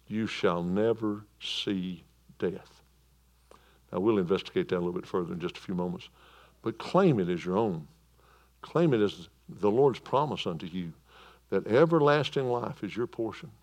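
A man preaching a sermon in a church, moving between loud proclamation and quiet calm. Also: fairly low pitch. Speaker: pastor.

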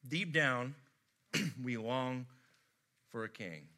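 An American man preaching a sermon, telling stories expressively and swinging from loud emphasis to hushed tones. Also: medium pitch, expressive, very slow. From United States. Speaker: pastor.

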